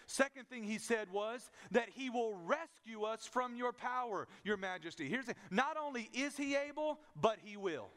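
A man with a high voice preaching a sermon. He builds force through repeated phrases and questions to the congregation, swinging between loud declarations and low, quiet passages. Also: moderate pace, few pauses. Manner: preaching with rising and falling intensity, repetitive cadences. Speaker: pastor.

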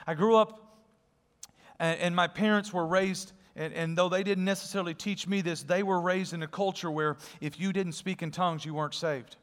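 High-voiced pastor preaching in a big hall. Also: male voice, a little fast. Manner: animated storytelling, drops to a hushed, earnest tone. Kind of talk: sermon with storytelling.

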